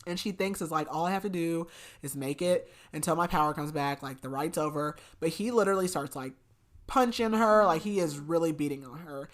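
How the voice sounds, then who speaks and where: Here a podcast co-host walks through a book in a relaxed recap, retelling the plot chattily and leaning on lots of filler words. Her voice sits low and her delivery is brisk.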